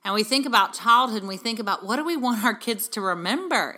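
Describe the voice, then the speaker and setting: A woman's voice: fairly high pitch, expressive, quick pace, sharp tone. A middle-aged woman hosting a motivational parenting talk, earnest and encouraging, asking many rhetorical questions. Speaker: podcast host and parenting speaker. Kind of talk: heartfelt motivational talk to mothers.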